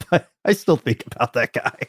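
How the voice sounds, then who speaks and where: A man's voice: medium pitch, lively intonation, measured pace, no echo, clean studio sound. A man co-hosting a casual podcast chat, telling stories with frequent laughs and asides. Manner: storytelling, laughs often, trails off into asides. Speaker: podcast co-host.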